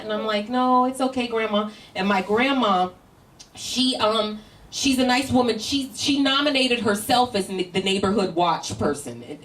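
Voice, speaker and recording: A woman's voice: fairly high pitch, moderate pace, fairly bright tone. Brash woman doing stand-up crowd work. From Northern Virginia. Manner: brash, teasing, laughing through punchlines. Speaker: stand-up comedian. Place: comedy show in a tent with a live audience. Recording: roomy live sound from a distant mic, crowd noise.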